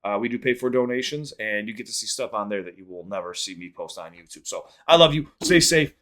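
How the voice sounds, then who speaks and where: A man hosting a reaction channel, rambling through a story and quick sign-off plugs in casual chat. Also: on the low side, expressive, a bit bright.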